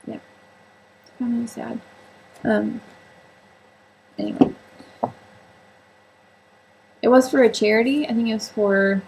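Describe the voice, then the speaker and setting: A woman's voice: medium pitch, gravelly, a little mellow, slight background noise, rough recording. A woman chatting casually on her own vlog about sewing and books, rambling and joking at her own expense with lots of fillers. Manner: chatty, rambling, self-mocking, many fillers. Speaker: book and sewing vlogger. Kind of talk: casual solo vlog chat.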